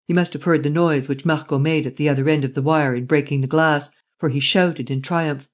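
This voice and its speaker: A man's voice: steady tone, a little fast, few pauses. A man reading a classic novel aloud as an audiobook narrator, voicing each character himself. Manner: reads every part himself, changing pitch for the characters.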